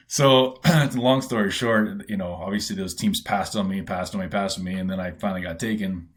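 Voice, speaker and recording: A middle-aged man from Canada with a very low voice spins relaxed stories as a podcast guest. He talks casually, full of fillers, and acts out the quoted voices of others. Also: normal speed. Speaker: guest, former pro baseball player. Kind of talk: casual storytelling.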